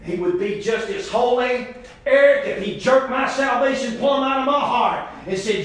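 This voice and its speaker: A man preaching a folksy, impassioned sermon, swinging from loud exhortation to hushed intensity. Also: extremely high pitch, animated, measured pace. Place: church sanctuary. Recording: very echoey church hall.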